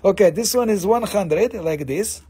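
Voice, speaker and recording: Give me an enthusiastic, profane man hosting a live crystal sale, with a raised pitch. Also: a little slow, warm tone, slightly rough. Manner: joking, profane, enthusiastic salesman. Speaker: host of a live mineral sale. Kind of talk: livestream sales chat.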